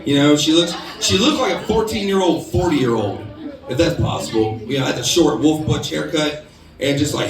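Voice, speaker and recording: Speaking briskly in a slightly high voice, an American man does stand-up on a bar stage, rambling with fillers toward crude punchlines as music plays in the background. A live audience is present. The recording is roomy and distant, with the crowd heard.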